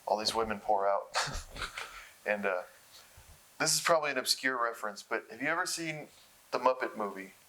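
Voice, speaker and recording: A young man telling stories in a casual interview, laughing often and getting excited. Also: fairly low pitch, moderate pace, pauses often, slight background noise, poor audio. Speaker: interview guest. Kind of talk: casual storytelling.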